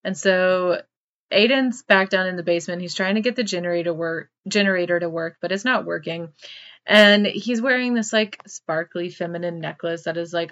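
Chatty woman podcaster, lower voice. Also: a bit bright, lo-fi sound. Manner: chatty, says "like" constantly, swears freely. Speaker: podcast host. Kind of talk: casual horror movie recap.

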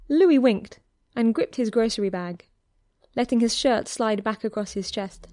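A woman's voice: on the high side, a little slow, darkish tone, no echo. Woman narrating a story, dry and close. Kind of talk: audiobook narration of fan fiction.

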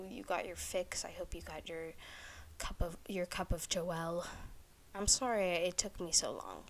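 A young woman hosting a casual solo podcast, rambling with lots of "like" and frequent swearing. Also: lowish voice. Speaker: podcast host.

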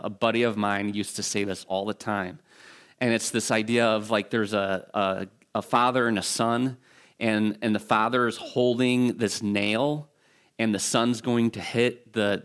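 A man's voice: on the low side, a bit bright, clean tone. A male pastor preaching a sermon in a conversational, storytelling way, with asides and restarts.

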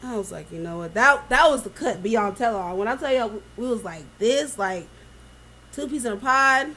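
A woman co-hosting a casual chat, telling stories in an animated, profane way. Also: fairly high pitch, normal speed. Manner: animated storytelling, swearing freely.

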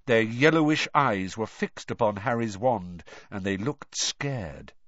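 A man reading a story aloud as audiobook narration, expressive and shifting in intensity. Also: on the low side, unhurried, no echo. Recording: dull lo-fi dry recording.

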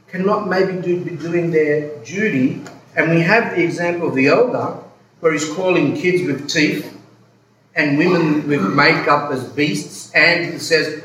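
A man's voice: a little high, a little slow, a bit bright. A man who is a priest giving an earnest, emphatic pastoral talk, repeating his points with rambling asides. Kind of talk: pastoral talk answering a listener. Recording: echoey room, distant mic, faint noise.

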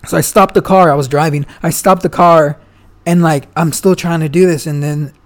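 A man's voice: fairly high pitch, steady tone, normal speed. A young man, a guest, chatting casually and telling a long story, swearing freely and full of slang. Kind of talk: casual chat.

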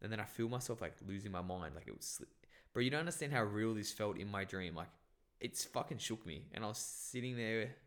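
A young man with a lowish voice talks in loose, rambling chat. His story wanders with fillers and constant swearing. He is originally from Bangladesh. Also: lively intonation, brisk, fairly bright tone. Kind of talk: casual chat.

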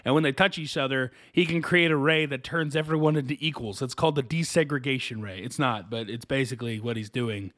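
A man's voice: mid-range voice, fairly quick, hardly any pauses, fairly bright tone, dry recording. A man co-hosting a podcast, rambling through a casual anime recap and acting out bits of dialogue. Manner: rambling recap with acted-out quotes and laughs. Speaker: podcast co-host.

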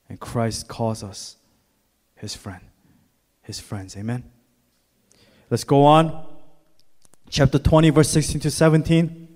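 Man preaching in an echoing hall. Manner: swings from hushed, slow reflection to loud, high-pitched preaching. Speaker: pastor. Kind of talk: sermon.

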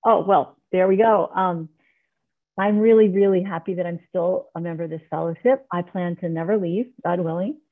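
A woman's voice: fairly low pitch, normal speed. A middle-aged woman giving an earnest, heartfelt personal share as a member of a recovery meeting, speaking on a video call. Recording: tinny online call audio.

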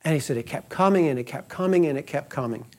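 A man's voice: fairly high pitch, animated, fast talker. A middle-aged man hosting a podcast, retelling another man's account and quoting him at length. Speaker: podcast host. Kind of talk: podcast storytelling.

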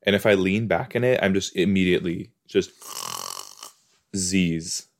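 A man's voice: deep voice, unhurried, a little hiss or hum. A man chatting casually on a couch as he reacts to a TV episode, rambling, easily sidetracked and often breaking into exclamations. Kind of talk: casual watch-along chat. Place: indoors on a couch.

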